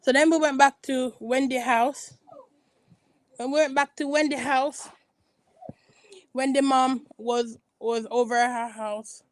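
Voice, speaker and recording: Gossipy woman with a higher-pitched voice. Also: steady tone, measured pace, pauses often, no echo, low-quality recording. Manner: rambling, gossipy, frequent restarts. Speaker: reality TV recap vlogger. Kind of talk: casual chatty commentary.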